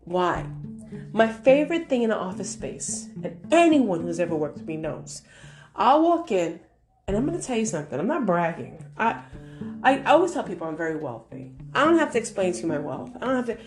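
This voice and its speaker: A woman from New York giving casual motivational advice, animated and confrontational, acting out voices as she tells stories. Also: medium pitch, fairly quick, soft background music. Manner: animated, confrontational storyteller who acts out voices. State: hard of hearing. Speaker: vlogger.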